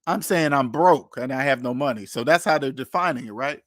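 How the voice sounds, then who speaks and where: A man's voice: medium pitch, a little fast, fairly bright tone, no room sound, studio quality. A man hosting a live money chat, talking casually and animatedly, repeating himself and acting out the people he quotes. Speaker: channel host answering chat.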